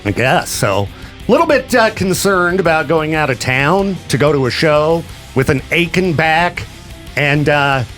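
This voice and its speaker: Chatty man radio host, lively voice. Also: a little high, unhurried, soft background music. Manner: chatty, laughs often, slips into mock voices. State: sore back after vomiting. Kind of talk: casual radio banter.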